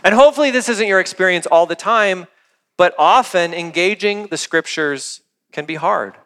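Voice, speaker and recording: Young male pastor, high bright voice, earnest conversational sermon delivery, long hall reverb. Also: moderate pace. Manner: earnest, conversational preaching with rhetorical questions.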